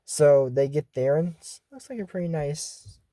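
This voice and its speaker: A man's voice: fairly high pitch, normal speed, warm tone, dry recording. A man giving a casual, jokey recap of a cartoon episode, rambling through asides and retellings.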